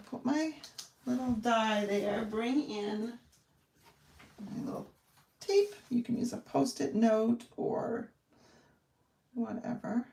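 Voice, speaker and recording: Her voice is a little high and a little mellow, with vocal fry, and it's recorded from a distance in an echoing room. She's the host of a live card-making demonstration, friendly and rambling, thinking out loud as she goes.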